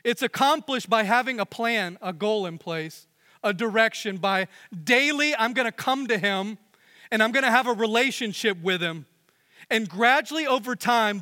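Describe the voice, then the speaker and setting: High, bright-voiced preacher man in a hall. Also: smooth. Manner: earnest preaching, rising and dropping to hushed emphasis. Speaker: pastor. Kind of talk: sermon. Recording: long hall reverb.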